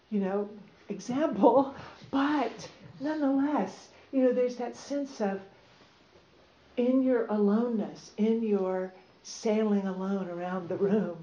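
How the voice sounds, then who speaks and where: A woman reading to an audience and then talking loosely, with many fillers. She speaks slowly. The sound is roomy and a little muffled. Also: a little high, mellow, a little hiss or hum. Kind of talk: reading aloud, then casual talk. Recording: roomy, slightly dull recording.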